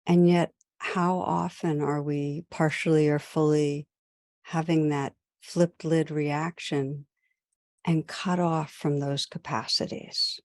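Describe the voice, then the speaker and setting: A woman meditation teacher and podcast host gives a recorded talk in gentle, measured short phrases separated by pauses. Her voice is low-pitched and level, and the recording is dry.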